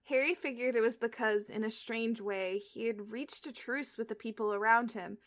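A woman's voice: a little high, moderate pace. A young woman reading a story aloud on a casual podcast, stumbling and restarting now and then. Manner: reads aloud with slips and restarts, breaks off into chat full of "like". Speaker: podcast co-host reading fan fiction aloud.

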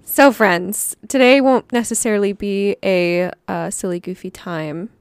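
A woman of middle pitch co-hosting a podcast, chatty and giggly, often laughing mid-sentence. Her voice sits close and dry on the mic, with no room sound. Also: unhurried, smooth, no echo. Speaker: podcast co-host and storyteller. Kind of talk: casual chat.

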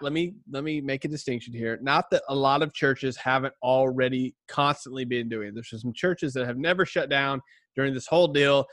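Pastor guy co-hosting a church podcast, bright tense voice, dry mic. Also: mid-range voice, no room sound. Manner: joking, rambling with restarts. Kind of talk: casual chat.

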